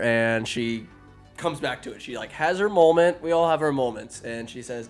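A man's voice: mid-range voice, moderate pace, soft background music. A man casually retelling a fantasy film for laughs, rambling and profane, with sarcastic asides. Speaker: comedic film recapper. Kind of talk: casual comedic story recap.

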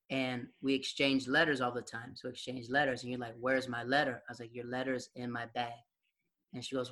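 A young man casually reminiscing with an old friend, animated, acting out quoted voices and laughing often. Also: medium pitch. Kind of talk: casual storytelling chat.

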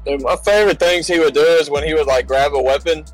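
A man's voice: a little high, fast talker, over music. A young man co-hosting a podcast, chatting casually with blunt, slangy opinions. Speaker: podcast co-host. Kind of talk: casual chat.

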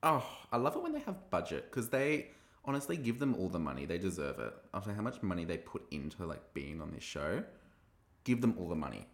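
A man hosting a podcast, recapping a TV episode in a gossipy, animated way and acting out quoted lines. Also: low-pitched, brisk, vocal fry, reverberant. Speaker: podcast host reviewing a TV episode. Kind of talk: casual recap chat.

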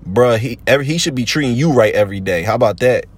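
A man's voice: mid-range voice, expressive, fast. A man hosting a podcast in a slangy, rambling, casual chat full of fillers. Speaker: podcast host.

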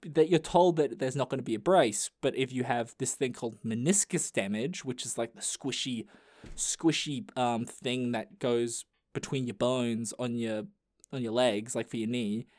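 A man's voice: mid-range voice, normal speed, darkish tone. A young man tells a story as a podcast host, in a loose, profane, jokey way with many restarts. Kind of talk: casual storytelling chat.

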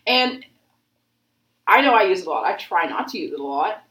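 A young woman in her twenties talks loosely and at length, stringing thoughts together with filler words and swearing. Her voice sits on the low side. The room around her rings with echo. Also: big pitch swings, fairly quick, fairly bright tone. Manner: rambling, heavy use of filler "like", frequent swearing. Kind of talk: casual chat.

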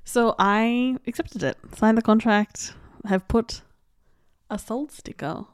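A woman's voice: a little high, takes it slowly, smooth, no echo, studio quality. A young woman hosting a podcast, chatting casually and rambling with lots of "like" and asides. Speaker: podcast host. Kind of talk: casual chat.

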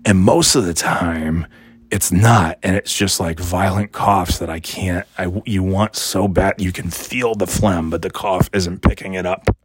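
A middle-aged man, hoarse from heavy coughing, rambling and exasperated in a casual vlog, swearing as he complains. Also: deep voice, fairly even intonation, unhurried. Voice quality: gravelly, raspy.

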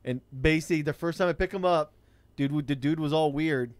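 A man's voice: on the high side, a little fast, no echo. A man, telling a rideshare-driving story in blunt, profane casual chat.

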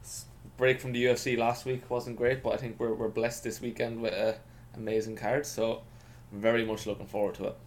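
A man's voice: medium pitch, flat delivery, a little fast, few pauses, slight background noise. A man who is sore after training, chatting easily and upbeat as a podcast co-host. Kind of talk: casual podcast chat.

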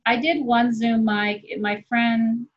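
A woman in her forties talks loosely and candidly, drifting from thought to thought and swearing without a second thought. Her voice is a little husky. The recording sounds dull and lo-fi. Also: fairly high pitch, flat delivery. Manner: rambling, candid, swears freely, quick laughs. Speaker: comedian guest. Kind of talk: casual podcast chat.

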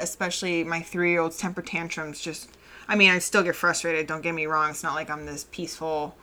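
Bright-voiced woman musing candidly. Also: fairly low pitch. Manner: candid and reflective, laughs often. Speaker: mother of a toddler. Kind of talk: casual personal monologue.

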